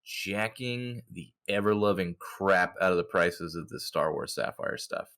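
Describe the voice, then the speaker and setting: A man co-hosting a casual hobby podcast, talking in an animated, joking, opinionated way. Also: low voice, unhurried. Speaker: podcast co-host.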